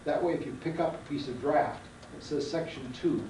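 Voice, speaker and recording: A man's voice: on the high side, moderate pace, mellow, slight background noise. A man teaching a research seminar, quizzing his students in a folksy, emphatic way, heard on an archival classroom recording. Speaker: seminar lecturer. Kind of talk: classroom lecture with questions to students. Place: lecture room. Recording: roomy archival classroom tape from a distance.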